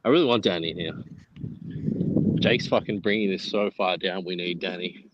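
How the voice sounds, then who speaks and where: A man's voice: low voice, moderate pace, dry recording, lo-fi sound. A man in casual, crude banter with friends while gaming, joking and swearing. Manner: joking, swearing, laughs often.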